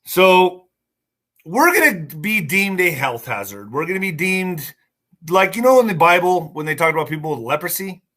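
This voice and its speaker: A fairly high-pitched man with a sharp, bright tone hosts a casual news podcast. He reads headlines aloud, trips over words, and breaks into angry, swearing rants. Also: very animated, moderate pace. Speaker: podcast host.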